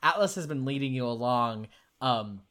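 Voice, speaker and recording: Bright-voiced man telling game stories. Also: mid-range voice, moderate pace. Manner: animated storytelling, laughs while talking. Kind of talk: casual video game discussion.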